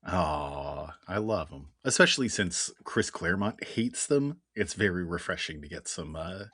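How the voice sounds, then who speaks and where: A man with a very low voice that still moves a lot in pitch, joking around on a close mic. His banter is wry and quick, and he laughs easily. The recording is dry and close. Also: expressive, a bit bright, husky, dry recording. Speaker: podcast co-host. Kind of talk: casual comic book podcast chat.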